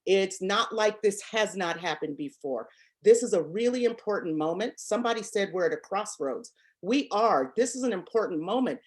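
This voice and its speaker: A woman's voice: medium pitch, animated, normal speed. A woman panelist making impassioned, emphatic remarks and repeating her points.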